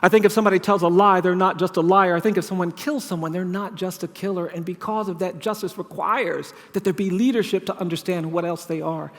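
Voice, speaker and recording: A man delivers a storytelling keynote from a large conference hall, and his words ring out with a long reverb. His voice sits fairly high for a man, and he builds each point through measured, repeated phrases. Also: steady tone. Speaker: keynote speaker at a leadership conference.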